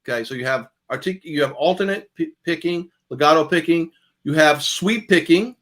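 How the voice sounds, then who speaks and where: A man's voice: a little high, moderate pace, a bit bright. A man giving a jazz guitar masterclass, talking casually and calling out picking strokes as he demonstrates. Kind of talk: masterclass lecture.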